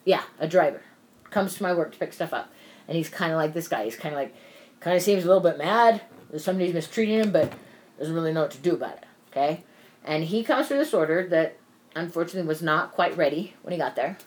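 A woman's voice: on the low side, expressive, quick pace, a little mellow. A woman telling a long work story in casual chat, rambling and peppered with "like" and swearing. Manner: rambling, profane storytelling full of "like".

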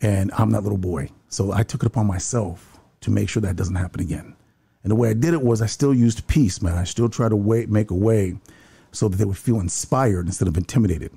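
A man's voice: lowish voice, creaky, mellow, breathy edge. A man who works building security, earnestly telling a story in conversation, often repeating his first words. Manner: rapid, earnest, repeats words when starting sentences.

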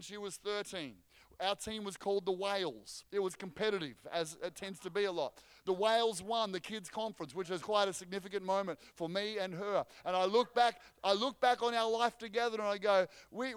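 A man delivers a lively sermon in a high, clear, resonant voice. He jokes with the congregation and restarts phrases as he goes. The sound is close and dry. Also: no room sound. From Australia. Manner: energetic, joking, frequent restarts. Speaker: pastor.

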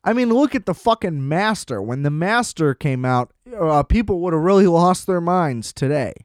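A man's voice: fairly high pitch, expressive, normal speed, no echo, studio quality. A man ranting in casual commentary, profane and sarcastic, exasperated and laughing at his own jokes.

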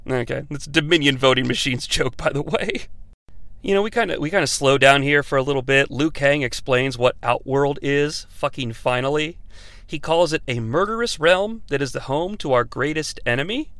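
A man's voice: mid-range voice, moderate pace, fairly bright tone, no echo. A man hosting a comedic movie review, recapping the plot with sarcastic, profane asides.

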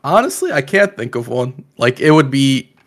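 A man's voice: mid-range voice, sing-song, normal speed. A man co-hosting a casual gaming podcast, easygoing and laid-back. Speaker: podcast co-host.

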